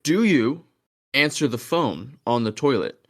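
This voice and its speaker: A man's voice: mid-range voice, expressive, a little slow, fairly bright tone. A man co-hosting a podcast, teasing and playfully questioning his co-host in casual chat.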